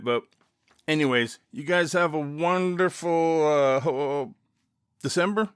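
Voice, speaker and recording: A man's voice: mid-range voice, a bit bright, smooth, no room sound, studio quality. A man hosting his own podcast alone, rambling casually, joking about himself and laughing often. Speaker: podcast host. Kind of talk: casual solo podcast monologue.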